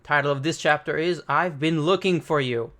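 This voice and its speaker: Man with a slightly high voice, casual manga reaction host, reads and riffs. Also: normal speed, sharp tone. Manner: casual, reads dialogue aloud with light commentary. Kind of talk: reading and reacting to a manga chapter.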